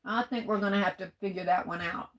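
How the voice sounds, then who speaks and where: A middle-aged woman chats through her livestream, reading out comments and greeting each viewer warmly. Her voice sits in an ordinary middle pitch, and she sounds a little rough as she holds back coughs and sneezes. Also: steady tone, fast talker. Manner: chatty, greets viewers warmly with "hey, baby". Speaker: livestream host. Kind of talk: casual live chat reading comments.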